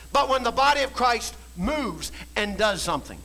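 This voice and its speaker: A man preaching a sermon, telling a story and swinging from quiet storytelling to shouted exhortation. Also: extremely high pitch, big pitch swings, moderate pace, gravelly, few pauses, low-quality recording. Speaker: pastor.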